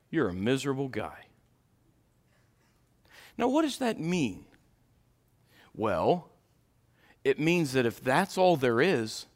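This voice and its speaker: A man preaching an Easter sermon, moving between hushed storytelling and fervent, raised passages. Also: mid-range voice. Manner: dynamic preaching, swinging from hushed to shouting.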